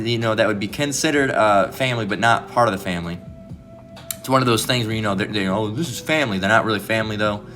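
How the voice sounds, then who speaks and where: A man's voice: on the low side, pushed and bright. A man giving informal, blunt preaching commentary, often restarting and asking "all right?".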